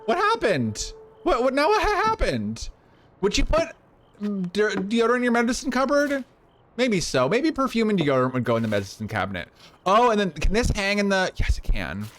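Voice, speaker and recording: A man's voice: high-pitched, wildly swooping pitch, moderate pace, fairly bright tone, a little hiss or hum. A man live-streaming a game, chatting casually and rambling as he thanks viewers. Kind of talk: casual live-stream chat while playing.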